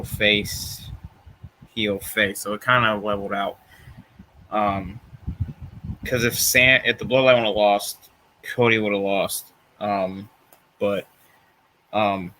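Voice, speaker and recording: A man's voice: fairly low pitch, bright, forceful tone, low-quality recording. A young man in casual chat, rambling and tired, yawning between thoughts, with many fillers and restarts. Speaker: vlogger reviewing wrestling shows.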